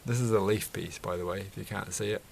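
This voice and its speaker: A man talks in a loose, rambling way, chuckling and correcting himself as he goes. His voice sits low with a gravelly fry to it. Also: steady tone, quick pace, a little hiss or hum. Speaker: Lego build vlogger. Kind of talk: casual chat while building.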